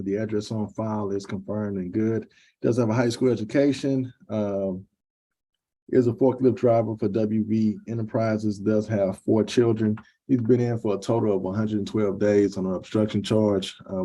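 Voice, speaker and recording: A man speaking as a defense lawyer in court, formal and measured, with hesitant fillers. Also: on the low side, warm tone. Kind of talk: courtroom argument.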